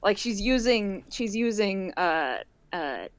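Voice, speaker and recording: A woman playing a tabletop role-playing game over a call, explaining her character haltingly, with many restarts. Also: medium pitch, expressive, clear, resonant tone, rough recording. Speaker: player.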